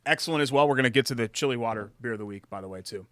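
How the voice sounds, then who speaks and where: A male co-host of a sports talk show, talking in a bright, lively tone with a casual, jokey manner. The sound is close and dry, with no room around it. He moves easily between sports opinions and playful sponsor plugs. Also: mid-range voice, rapid-fire, no room sound. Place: studio.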